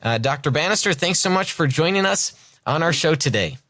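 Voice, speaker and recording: A man's voice: a little high, expressive, brisk, sharp tone, dry recording. A man hosting a podcast interview, friendly and hesitant with many fillers as he asks questions. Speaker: podcast host.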